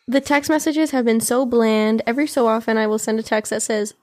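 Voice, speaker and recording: A woman's voice: on the high side, fairly even intonation, brisk, darkish tone, no room sound. A young woman co-hosting a podcast in casual chat, dry and teasing, laughing often. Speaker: podcast co-host.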